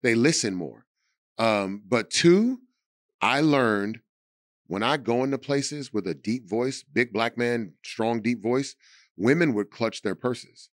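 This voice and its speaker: A man's voice: slow, no echo, clean studio sound. A man in his thirties, a voice actor and podcast guest, chatting and telling stories with big swings into quoted voices. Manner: animated storyteller, slips into quoted voices and big pitch swings. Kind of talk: casual chat.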